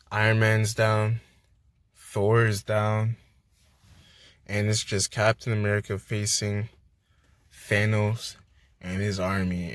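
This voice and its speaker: A young man giving a casual spoiler movie review, excitable, slangy and full of swearing. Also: lowish voice, no echo. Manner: hyped, profane, slangy storytelling.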